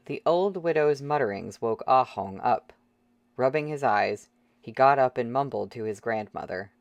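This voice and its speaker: A man reading a novel aloud as audiobook narrator, steady and dramatic. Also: mid-range voice, normal speed, gravelly, no room sound, highs cut off.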